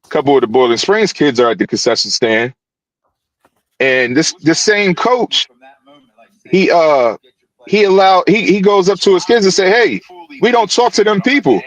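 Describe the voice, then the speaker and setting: A youth football coach telling a story on a podcast over a video call, animated and full of restarts. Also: male voice, a little high, normal speed, long pauses, no room sound, rough recording. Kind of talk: casual podcast guest recounting events.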